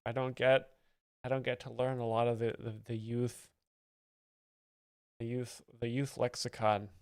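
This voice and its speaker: A man's voice: medium pitch, level tone, unhurried, clear, resonant tone, no echo, studio quality. A man hosting as a self-serious joke explainer, commenting on comedy clips in a pompous professorial manner. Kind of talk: deadpan mock-expert commentary over clips.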